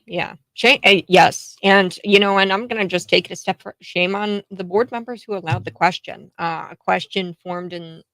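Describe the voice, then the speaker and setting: A woman's voice: lowish voice, moderate pace, few pauses, fairly bright tone, no room sound. A woman hosting a talk radio interview, chatty and restarting her sentences often. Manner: chatty, many fillers and restarts. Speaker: radio talk show host.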